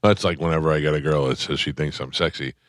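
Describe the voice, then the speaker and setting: A middle-aged man co-hosting a radio show, telling stories in a halting, rambling way. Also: extremely low pitch, steady tone, no echo, studio quality. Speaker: radio co-host. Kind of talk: casual chat.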